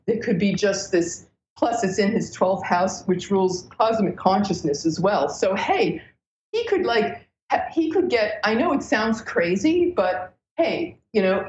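Animated woman astrologer, roomy lo-fi sound. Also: mid-range voice, a little hiss or hum. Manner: animated, breathless storytelling with many restarts. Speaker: astrologer guest. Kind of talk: casual podcast interview.

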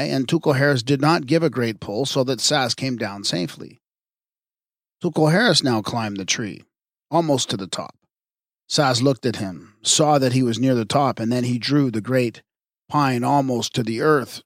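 A man narrating an audiobook of myths in a measured, even reading. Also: mid-range voice, no echo, studio quality. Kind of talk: scripted narration.

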